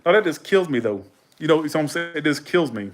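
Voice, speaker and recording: A man's voice: a little high, lively intonation, fast talker. A man hosting a livestream in rambling, slangy casual chat, laughing often. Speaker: livestream host.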